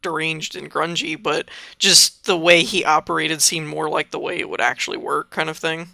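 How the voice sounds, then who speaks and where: Podcast guy, high gravelly voice, really sharp tone, keeps pressing his point. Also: steady tone, moderate pace, no echo. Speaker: podcast co-host. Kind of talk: casual chat.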